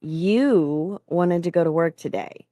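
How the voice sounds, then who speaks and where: A woman's voice: fairly low pitch, slow, dark tone, no echo, clean studio sound. A woman reading a story aloud, voicing a teasing companion.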